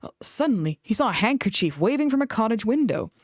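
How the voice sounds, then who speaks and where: A woman reading a children's book aloud in an expressive storytelling voice. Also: on the high side, fast talker, no echo, studio quality. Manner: expressive, animated read-aloud.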